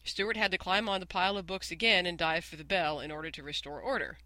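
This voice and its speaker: An audiobook narrator reading a children's story in an even, measured way. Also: medium pitch, no room sound, low-quality recording. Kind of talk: scripted narration.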